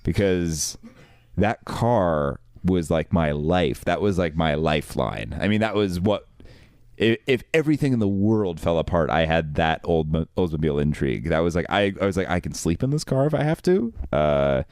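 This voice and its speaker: Deep-voiced man telling a story. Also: moderate pace, clear, resonant tone, no echo, studio quality. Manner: animated storyteller, voices others in his anecdotes. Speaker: podcast host. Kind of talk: casual storytelling chat.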